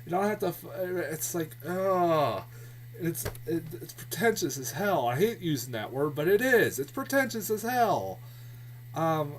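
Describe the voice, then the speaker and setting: A man's voice: medium pitch, far from the mic, a little hiss or hum. A man giving a casual, profane movie review, sounding exasperated and often laughing. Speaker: film reviewer.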